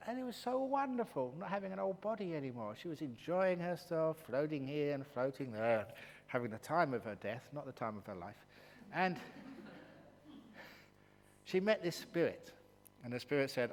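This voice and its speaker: A man, a monk and meditation teacher, giving a dharma talk at a retreat in an animated, jokey storytelling manner. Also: a little high, moderate pace. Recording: long hall reverb, faint hum.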